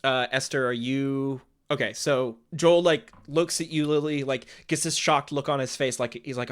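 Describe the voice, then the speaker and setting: A man narrating as game master of a tabletop game, relaxed and full of fillers as he sets the scene. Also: medium pitch, moderate pace, hardly any pauses, clear, resonant tone.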